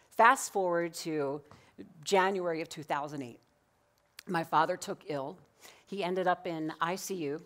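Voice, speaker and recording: Middle-aged woman minister, lowish voice, animated storyteller who acts out dialogue, preaching in church. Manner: animated, acts out quoted dialogue, laughs often. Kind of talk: sermon with personal storytelling. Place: church sanctuary.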